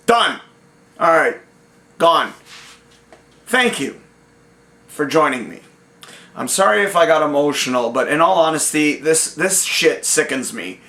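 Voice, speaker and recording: A man's voice: on the high side, bright, forceful tone. A man hosting a solo movie review show, ranting heatedly with a lot of profanity and frequent restarts. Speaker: host.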